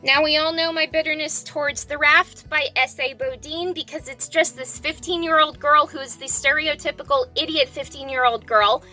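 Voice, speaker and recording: Woman book vlogger, high and crisp, blunt, opinionated. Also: steady tone, moderate pace, few pauses, sharp tone, faint music behind. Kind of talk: casual book review vlog.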